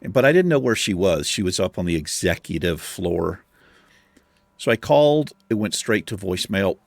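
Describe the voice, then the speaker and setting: A man's voice: low voice, sing-song, moderate pace, creaky, no room sound. Profane man telling a story, dry sound. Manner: profane, exasperated anecdote telling. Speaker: gaming channel host. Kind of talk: casual storytelling over gameplay.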